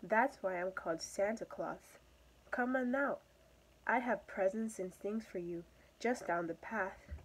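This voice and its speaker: A woman's voice: mid-range voice, unhurried, slightly rough, poor audio. A woman voicing a sly tomcat who teases the mouse he means to eat, in a storybook read-aloud. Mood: teasing. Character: sly tomcat toying with prey.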